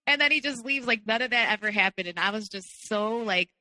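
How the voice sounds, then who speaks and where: A woman's voice: medium pitch, brisk, sharp tone, in a large hall, low-quality recording. A woman guest telling her personal story candidly, peppering her speech with "like". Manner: candid, heavy use of "like". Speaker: podcast guest.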